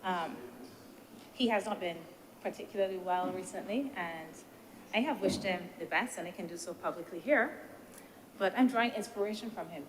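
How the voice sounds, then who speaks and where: A woman senator, giving a measured, deliberate speech in a parliamentary debate and posing rhetorical questions. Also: medium pitch. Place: senate chamber. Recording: reverberant chamber with faint background noise.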